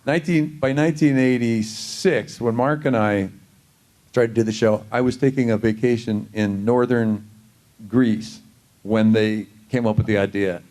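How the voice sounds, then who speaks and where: A man on a convention panel telling anecdotes in an animated way, often exclaiming in disbelief. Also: medium pitch, normal speed.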